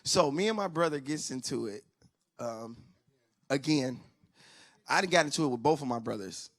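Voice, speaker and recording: A man doing stand-up comedy on a church stage, telling family stories and acting out relatives in loud, high voices. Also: moderate pace. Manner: animated storyteller who acts out family members in loud high voices. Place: church stage before a live audience.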